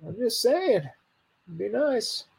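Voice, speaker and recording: A man's voice: very high-pitched, sing-song, takes it slowly, vocal fry, darkish tone, husky. A man cohosting a casual wrestling podcast, talking hesitantly with many fillers. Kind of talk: casual panel chat.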